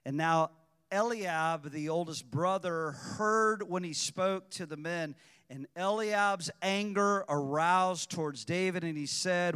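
Animated male preacher in a reverberant hall. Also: high-pitched, slow, clear, resonant tone. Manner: animated, shifting from quiet teaching to loud exhortation. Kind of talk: sermon. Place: church sanctuary. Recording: long reverb of a church hall.

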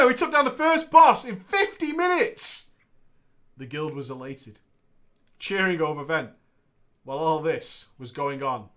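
A man's voice: fairly high pitch, measured pace, pauses often. A man co-hosting a casual podcast, reading a gaming story aloud with playful banter and frequent laughter. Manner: laughs often, playful, expressive.

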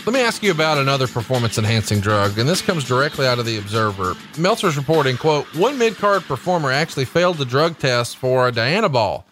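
A man's voice: mid-range voice, sing-song, fast talker, few pauses, over music. Male podcast host, mid-range voice, persistent questioner. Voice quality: pressing, conversational questioner. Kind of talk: interview questioning.

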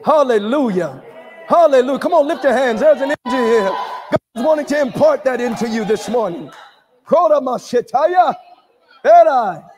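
A man preaching a charismatic sermon, shouting in a sing-song cadence, calling for responses and breaking into tongues. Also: extremely high pitch, expressive, fairly quick. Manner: calls for congregation responses.

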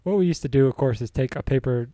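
Young male podcast host, warm mellow tone, dry close sound, laid-back storyteller who laughs a lot. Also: medium pitch, quick pace, dry recording. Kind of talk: casual storytelling.

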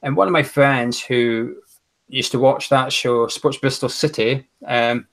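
A man's voice: mid-range voice, steady tone, a little slow, a bit bright. Scottish man telling a rambling story. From Aberdeen, Scotland. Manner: rambling, friendly storytelling with fillers. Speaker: guest, co-host of a fan show. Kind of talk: casual chat.

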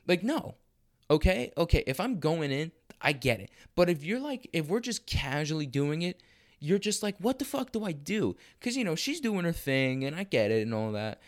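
A young man hosting a podcast from a room at home, testing stand-up material in a profane, animated and rambling way, with frequent restarts. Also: mid-range voice. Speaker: podcast host.

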